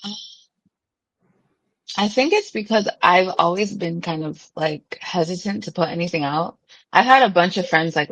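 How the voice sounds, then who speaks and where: A woman guest chatting on a podcast interview. Her voice sits on the low side, with a loose, filler-heavy, easy flow, recorded dry and close to the mic. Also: normal speed, fairly bright tone, no echo, low-quality recording.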